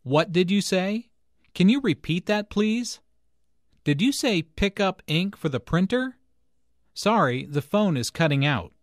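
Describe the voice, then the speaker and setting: An apologetic man struggles to hear on a phone call, as a narrator puts him on. His voice is a bit high and lively, recorded close and dry. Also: a little slow, no room sound. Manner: apologetic, asking to repeat.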